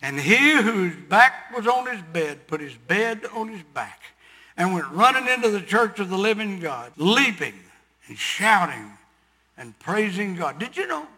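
An older man preaching a sermon, telling a story and building to loud, emphatic preaching. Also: sits high, big pitch swings, a little slow, breathy edge, long reverb tail.

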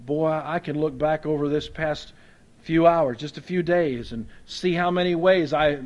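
A Baptist pastor preaches with a folksy, talk-to-you style, humorous asides, and swings between loud emphasis and quiet softness. His voice runs on the high side with fairly even intonation and a measured pace, over dull audio.

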